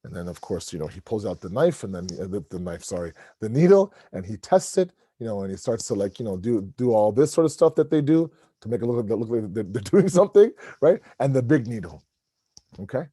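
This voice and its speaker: A man's voice: fairly low pitch, big pitch swings, brisk, mellow, slightly rough, no room sound, clean studio sound. A middle-aged man giving a conversational sermon at a religious gathering, telling a family story and acting out the dialogue. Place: mosque hall.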